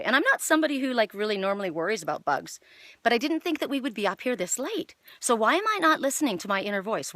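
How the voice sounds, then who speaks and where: A middle-aged woman giving a casual spiritual card reading outdoors, chatty and excitable, with lots of fillers. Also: fairly high pitch, fast, dry recording. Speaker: oracle card reader. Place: outdoors in the evening.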